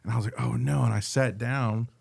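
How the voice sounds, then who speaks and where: A man spins a story on a casual podcast. He acts out each person he quotes by jumping his pitch up, and he swears freely. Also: steady tone, fairly quick, creaky, husky. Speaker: podcast co-host.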